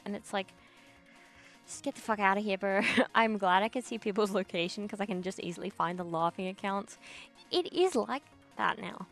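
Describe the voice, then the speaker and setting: A woman's voice: medium pitch, normal speed, faint music behind. A young woman streamer in a casual chat, ranting bluntly with lots of swearing and slang while reacting to chat.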